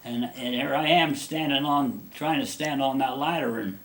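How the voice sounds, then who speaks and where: A man's voice: mid-range voice, moderate pace, fairly bright tone. A man being interviewed, telling a personal story in a rambling, folksy way with many restarts.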